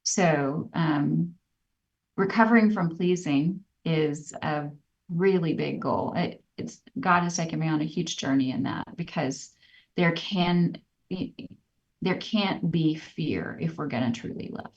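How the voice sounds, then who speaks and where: Woman podcast co-host, earnest storyteller, lower-pitched, muffled and distant-sounding audio. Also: takes it slowly. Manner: earnest, reflective, animated when retelling stories. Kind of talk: candid personal storytelling.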